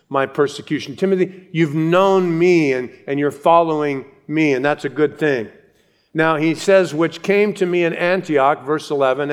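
A middle-aged male pastor teaching an expository Bible sermon, slowing down and dwelling on each phrase as he reads scripture aloud. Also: fairly high pitch, clear, resonant tone. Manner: measured, slows to read scripture aloud.

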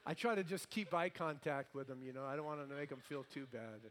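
A male pastor preaching a sermon, lively and playful, with comic asides. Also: medium pitch, fairly quick, a little hiss or hum.

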